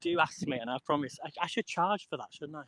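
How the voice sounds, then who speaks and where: A man's voice: fairly high pitch, huge pitch swings, fast talker, pushed and bright, slight background noise, rough recording. Chatty British man on a walk. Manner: rambling, chatty, reads out viewer comments. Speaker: live streamer. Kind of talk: casual chat with live viewers. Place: outdoors on a cold walk.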